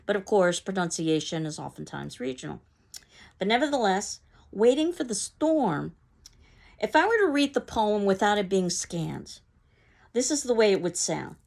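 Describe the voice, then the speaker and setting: Low gravelly woman teaching. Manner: explanatory, measured, with fillers and restarts. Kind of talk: recorded lecture.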